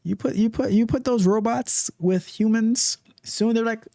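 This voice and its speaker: A man hosting a live tech stream, talking casually with animated, repetitive joking asides. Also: high voice, measured pace, vocal fry, hardly any pauses, dry recording, clean studio sound. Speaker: livestream tech show host.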